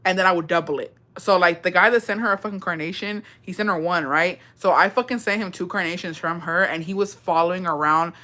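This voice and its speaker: A woman's voice: fairly low pitch, a little fast, hardly any pauses, bright, forceful tone. Profane gossipy woman telling stories. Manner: profane, gossipy, mixes in Spanish phrases. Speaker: storytime vlogger. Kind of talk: casual storytelling.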